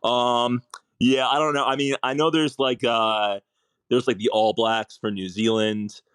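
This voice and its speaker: A man's voice: medium pitch, little pitch movement, measured pace, fairly bright tone, smooth, no room sound, studio quality. A man playing in a trivia game, thinking aloud in a hesitant, unsure way. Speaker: quiz contestant.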